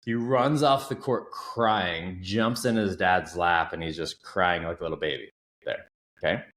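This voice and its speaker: A man's voice: low-pitched, measured pace. A man in his thirties, a coach talking as a podcast guest, telling stories earnestly and with emphasis. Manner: earnest storytelling, emphatic and animated. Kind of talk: casual interview conversation. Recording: roomy echo.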